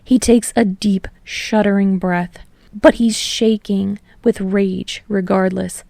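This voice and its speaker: A woman reads fan fiction aloud in a steady narration that slows on emotional passages. Her voice is mellow with a slight gravelly edge. The recording is dry and close. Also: mid-range voice, dry recording. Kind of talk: audiobook narration.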